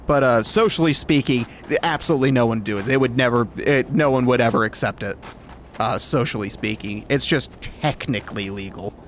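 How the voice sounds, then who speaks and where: Over slight background noise, a brisk, medium-pitched man from Alabama talks casually to his stream viewers. He drifts from point to point, fixes his own words midstream, and laughs softly now and then.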